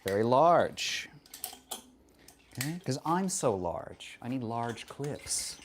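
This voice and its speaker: A woman's voice: very deep voice, sing-song, takes it slowly, slight background noise. A woman streaming a workout, chatting casually with viewers, wry and profane, teasing chat and straining between sets. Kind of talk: casual livestream chat while working out.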